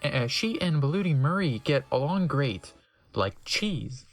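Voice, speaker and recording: A reader giving a comic dramatic reading of fan fiction, dropping into deadpan asides. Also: mid-range voice, unhurried.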